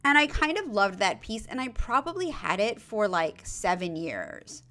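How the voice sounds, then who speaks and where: A woman's voice: medium pitch, sing-song, moderate pace, pushed and bright. A tired woman hosting a podcast, chatting casually and giving advice with lots of fillers, asides and self-deprecating jokes. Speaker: podcast host.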